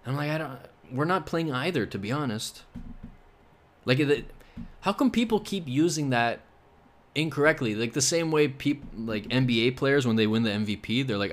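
A man's voice: medium pitch, lively intonation, normal speed. A young man from Canada hosting his own podcast, rambling casually with sarcastic jokes and asides. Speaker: podcast host. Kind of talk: casual solo podcast chat.

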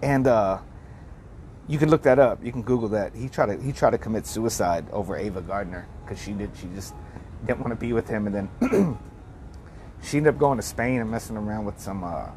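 A man's voice: on the low side, a little fast, a little mellow, slight background noise. A man telling a personal story in a casual, rambling, reflective way, full of restarts and "like".

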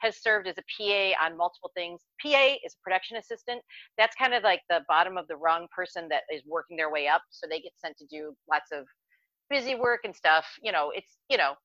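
A woman on a podcast spinning a story in loose, casual chat, excitable and quick to curse. Her voice is bright and forward. The sound is dry and a little dull, like a lo-fi home recording. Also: fairly low pitch, no room sound. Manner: excitable and animated, swearing casually. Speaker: podcast co-host.

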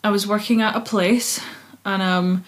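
A Scottish woman in her young adult years talks through her song in a relaxed, animated way. She is expressive, dramatic in a self-aware way, and quick to laugh. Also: mid-range voice. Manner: chatty, expressive, laughs easily. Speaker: singer-songwriter guest. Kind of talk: casual interview chat.

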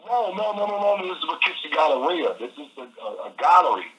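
A man telling a story as an interview guest over the phone, animated and repeating phrases. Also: fairly high pitch, fast talker. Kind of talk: casual storytelling. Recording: phone line.

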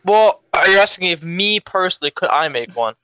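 A man's voice: high-pitched, lively intonation, fairly quick, bright, forceful tone, clean tone, dry recording. A young man with a strong Philadelphia accent, jet lagged, chatting casually as a guest and repeating words while he thinks. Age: young adult. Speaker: esports player guest. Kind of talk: casual interview.

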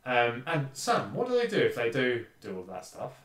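A man's voice: mid-range voice, wildly swooping pitch, normal speed, a bit bright, distant mic. A man co-hosting a football podcast, telling a story in casual chat with lots of fillers and restarts. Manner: hesitant, many fillers and restarts. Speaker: podcast co-host. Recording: echoey room, voice a bit off-mic.

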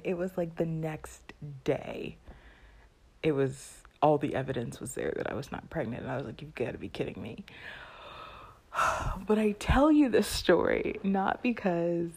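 A woman's voice: lowish voice, darkish tone. A young adult woman telling a personal story with lots of acted-out voices and laughter, then drawing a faith lesson from it. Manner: acts out voices, breaks into laughter, slow deliberate delivery.

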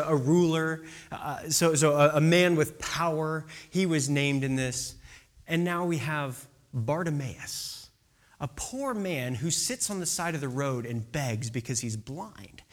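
Chatty, lively preacher. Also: medium pitch. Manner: chatty, rambling, with many restarts and asides. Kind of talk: casual sermon.

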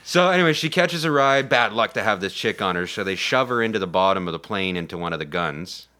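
A man's voice: lowish voice, expressive, quick pace, pushed and bright. A man co-hosting a podcast, recapping a movie in rambling casual chat with many fillers.

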